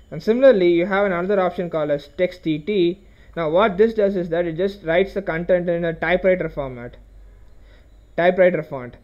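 A man talks through a coding tutorial in a high voice. He explains one step at a time, says okay often and restarts his phrases. The recording sounds dull and lo-fi. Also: fairly quick, a little mellow. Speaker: programming tutorial host. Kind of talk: screen-recorded coding lesson.

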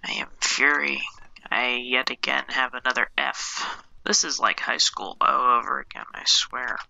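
A woman's voice: rumbling low, little pitch movement, moderate pace, gravelly, bright, forceful tone, poor audio. A woman giving casual gameplay commentary, swearing often, exasperated and laughing at herself. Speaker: gameplay streamer.

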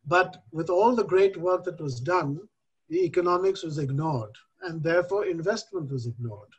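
Older man speaking with measured emphasis. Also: a little high, breathy edge, dull audio. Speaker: panelist. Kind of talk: panel discussion.

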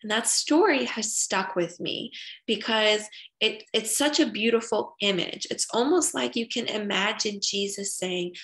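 A woman's voice: medium pitch, unhurried, fairly bright tone. A young woman giving an earnest catechetical talk to parents, teaching and telling stories. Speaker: parish religious education speaker.

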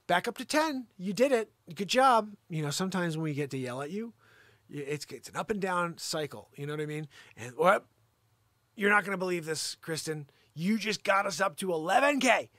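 A man hosting a live improvised comedy show, teasing and scolding a caller in a loud, mock-outraged rant. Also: high voice, moderate pace, no room sound, clean studio sound.

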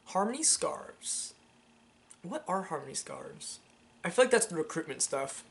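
A man's voice: high-pitched, sing-song, a little slow, creaky. A young man from Georgia in the US, rambling casually and profanely as he comments on a game he is playing, on a headset mic. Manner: rambling, profane, many fillers. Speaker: let's play host.

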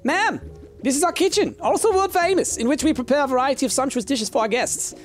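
A streamer voicing a chatty inn tour guide in a bright, salesy hospitality patter, with faint game music behind. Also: high-pitched, animated, a little fast, pitched above the performer's own voice. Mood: cheery salesy.

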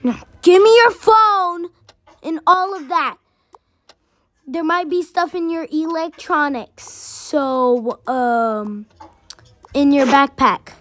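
A woman's voice: high-pitched, slow pace, fairly bright tone, no echo. A female speaker voicing a man who kidnaps a girl while posing as her grandfather, giving curt orders. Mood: bossy.

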